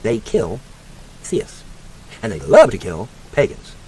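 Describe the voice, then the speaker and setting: A man's voice: mid-range voice, wildly swooping pitch, slow pace, vocal fry, slightly rough. A man delivering an angry, profane rant, mocking and lecturing like a sarcastic teacher. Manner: profane, mocking, shouting insults at a named woman. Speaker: online commentator.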